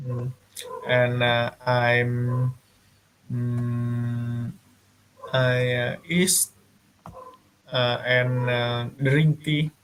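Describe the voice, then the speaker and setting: A man student speaking haltingly in an English class over a video call, with long pauses and murmured fillers. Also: medium pitch, level tone, a bit bright, poor audio. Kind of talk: halting language practice.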